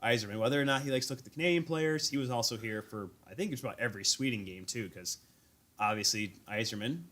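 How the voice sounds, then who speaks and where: A man hosting a live sports talk stream, telling animated, self-deprecating stories about his encounters at an event. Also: mid-range voice, fast. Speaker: host. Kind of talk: casual sports chat. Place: remote stream call.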